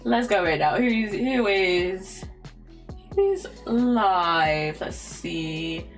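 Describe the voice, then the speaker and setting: Her voice is medium-pitched and sing-song, and she speaks extremely slowly as a young British woman chatting casually on a game stream. She rambles, stumbles over her words, and giggles while faint lofi music plays.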